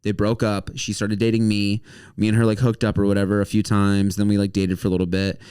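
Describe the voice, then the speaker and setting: A man's voice: lowish voice, completely flat delivery, fairly quick, darkish tone, clean tone. A young man, a guest comedian, telling a rambling, profane story in casual chat and saying "dude" constantly.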